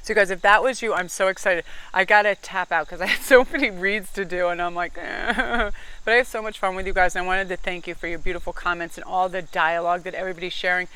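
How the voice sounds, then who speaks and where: A middle-aged woman giving a pick-a-card tarot reading, talking rapidly and energetically with casual swearing. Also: fairly low pitch, fairly even intonation, bright, forceful tone, clean tone. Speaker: tarot reader.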